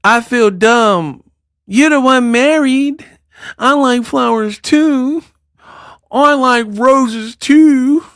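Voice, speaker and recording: A man voicing a needy, clingy young woman in a high, whiny mocking falsetto. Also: a bit bright, clear, resonant tone, dry recording, studio quality, full character voice.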